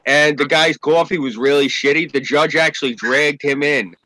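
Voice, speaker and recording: A man's voice: fairly high pitch, steady tone, moderate pace, bright, forceful tone, no room sound, poor audio. A man casually telling a story among friends, acting out the voices of the people in it and swearing freely. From New York State. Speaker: podcast co-host.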